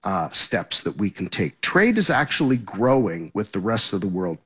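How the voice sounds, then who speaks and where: A lowish, husky male voice with a lively, rising-and-falling delivery. He works through his points in a measured, analytical way, often pausing on fillers. This is a radio news interview with an academic guest.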